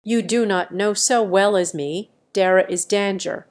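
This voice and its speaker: Excitable German dad, stern and bossy, read by a woman narrator; unhurried audiobook delivery. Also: medium pitch, close to an everyday voice. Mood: commanding. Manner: barking commands. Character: excitable stern German father, middle-aged.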